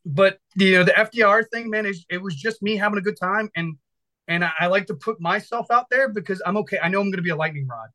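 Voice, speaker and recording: A talkative man in his thirties from Virginia tells his story with loose, rambling energy and casual swearing. His voice sits high and sounds bright and forward. He talks like a firefighter instructor chatting on a podcast. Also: fast, poor audio.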